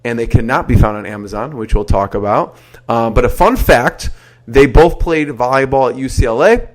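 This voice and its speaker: Male podcast host with a mid-range voice, eager and chatty, asking quick questions in a casual interview. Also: medium pitch, expressive.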